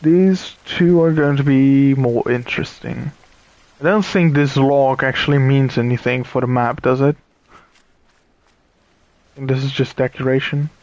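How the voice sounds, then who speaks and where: A tired man comments casually on a puzzle game as he plays. He talks slowly with many pauses, thinks aloud and chats to his viewers. His voice sits mid-pitch and sounds dry and close to the mic. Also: fairly even intonation, darkish tone, dry recording. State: tired and yawning. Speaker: streamer playing a puzzle game. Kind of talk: casual let's-play commentary.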